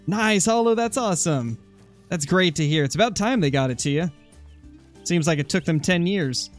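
A man's voice: a little high, lively intonation, normal speed. A young man streaming a hunting game, chatting casually and answering his viewers' comments. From Oregon, USA. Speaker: gaming streamer. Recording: faint music behind.

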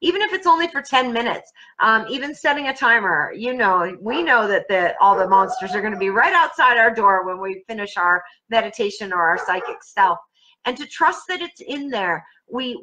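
A woman psychic speaking from home in a casual live-stream chat, gentle and reassuring with her viewers. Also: fairly high pitch, muffled recording. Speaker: professional psychic.

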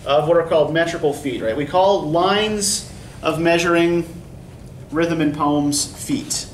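A man's voice: a little high, a little slow. A man teaching a college poetry class, explaining with a habitual "right?" to his students. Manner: explanatory, often checks in with "right?". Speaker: college English instructor. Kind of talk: classroom lecture. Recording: echoey classroom from far off, faint noise.

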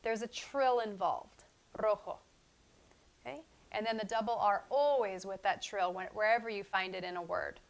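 A woman teaching a Spanish pronunciation lesson in English, slowly demonstrating and repeating each sound aloud. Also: medium pitch. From not from Spain.

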